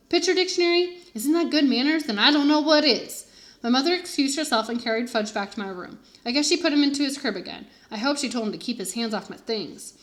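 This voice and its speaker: A woman teacher reading a children's chapter book aloud with expressive first-person narration. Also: fairly high pitch. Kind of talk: storybook read-aloud for children.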